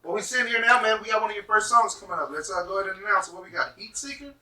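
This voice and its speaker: Fast-talking high-voiced male host. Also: pushed and bright, recorded from a distance. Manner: quick affirming interjections. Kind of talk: casual interview. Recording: echoey room, mic from afar.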